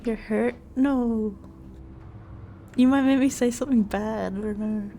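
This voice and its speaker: A woman's voice: on the high side, fairly even intonation, unhurried, dark tone, faint music behind. A woman streamer chatting casually as she reacts to a video, giggly and easily spooked.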